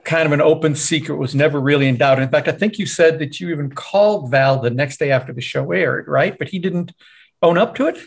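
A man's voice: fairly high pitch, brisk, creaky, breathy edge. A man interviewing a guest in a casual chat, prompting with curious questions and light jokes.

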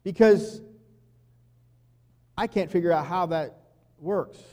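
A man preaching a sermon as pastor, talking conversationally, dropping to quiet asides and acting out the quotes he tells. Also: high voice, slow. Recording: long hall reverb.

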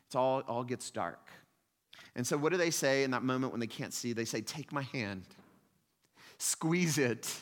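A man's voice: mid-range voice, a little fast. A man preaching a sermon as pastor, in a conversational style with frequent questioning asides. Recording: long hall reverb.

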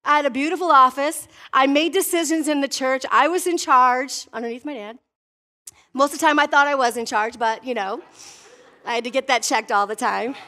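A middle-aged woman pastor from Wisconsin preaching a sermon, telling a personal story with lively acted-out dialogue. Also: high voice, a little fast. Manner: animated storytelling preacher, voicing herself and God in dialogue.

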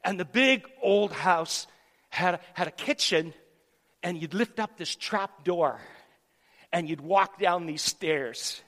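A man preaching, telling a story in an animated way and repeating words as he goes, in a reverberant church hall. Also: sits high, takes it slowly. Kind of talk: sermon storytelling.

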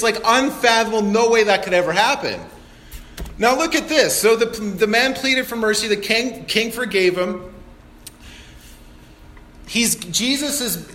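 Male pastor, high voice, chatty sermon delivery, echoey room. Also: a bit bright. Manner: conversational, explaining with asides and rhetorical questions.

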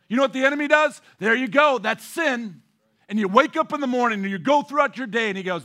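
High, bright-voiced impassioned male pastor. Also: animated, fast talker. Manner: impassioned, swings between loud emphasis and hushed near-whispers; repeats words and restarts mid-phrase. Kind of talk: sermon.

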